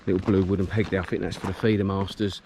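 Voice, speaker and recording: A man's voice: sits low, level tone, fast talker. A middle-aged man chatting casually to a handheld camera about his fishing setup, with lots of ums and restarts, outdoors on a reservoir bank. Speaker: match angler filming his day. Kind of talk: casual vlog commentary. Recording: loud wind noise outdoors.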